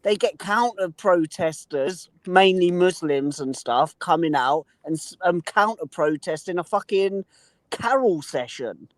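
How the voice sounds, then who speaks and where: Higher-voiced man, pushy and interrupting, dry close sound. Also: lively intonation, a little slow, dry recording. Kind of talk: casual argumentative chat.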